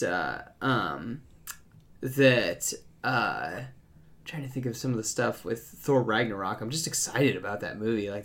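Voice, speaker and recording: A man co-hosting a casual podcast chat, often pausing with fillers while he looks for words. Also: on the low side, a bit bright. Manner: hesitant, many fillers while searching for words. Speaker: podcast co-host.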